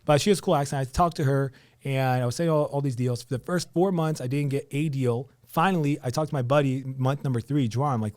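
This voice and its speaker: A man's voice: medium pitch, a little fast, no echo. A young man with a New Jersey accent, a podcast guest telling his story casually, acting out quotes and using lots of fillers. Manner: animated storyteller, acts out quotes, many fillers. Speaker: real estate agent, podcast guest.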